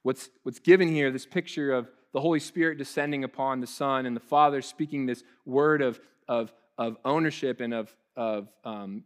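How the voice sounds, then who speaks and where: A young man preaching a sermon in a lively, conversational way, often restarting his sentences. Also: mid-range voice. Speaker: pastor.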